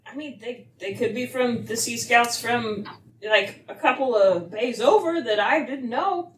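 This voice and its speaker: A woman's voice: a little high, measured pace, distant mic, lightly acted, poor audio. A woman voicing a suspicious female sea-dwelling character who questions the strangers. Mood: wary.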